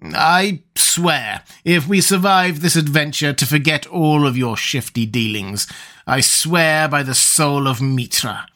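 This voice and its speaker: A cunning priest, voiced by a male reader, calm and unhurried. His lines come slow and measured, with a cool, knowing edge. It is a storybook reading, lightly characterized. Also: on the high side. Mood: sly.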